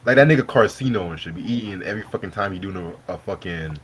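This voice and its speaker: Deep and breathy-edged, this man's voice is animated and he talks fast. Over dinner on his live stream, he hosts a relaxed chat full of profanity and laughter.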